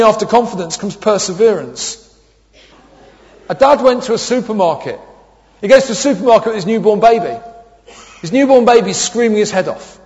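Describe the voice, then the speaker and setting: A man in his thirties preaches with a high, light voice, telling funny stories and voicing the people in them. The sound is dull and lo-fi, with a long echo of a church hall. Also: darkish tone. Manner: humorous storytelling with acted quotes. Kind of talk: sermon.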